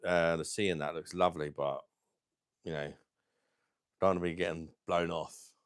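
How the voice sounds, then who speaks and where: A man hosting a live stream, chatting casually and bluntly with viewers, crude and quick to laugh at his own jokes. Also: deep voice, steady tone, dry recording, clean studio sound. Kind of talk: casual live chat reading viewer comments.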